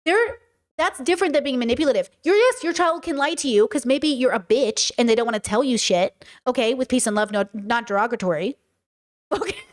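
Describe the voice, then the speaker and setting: A woman's voice: high-pitched, lively intonation, a little fast. A woman hosting a casual livestream, talking emphatically with rhetorical questions and answering her chat. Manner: many fillers and restarts, rhetorical questions. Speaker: streamer and podcast host.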